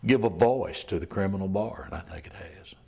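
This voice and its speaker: An older man, a criminal defense lawyer telling his story in an oral history interview, halting and repeating words, often trailing off near a whisper. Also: deep voice, mellow, husky.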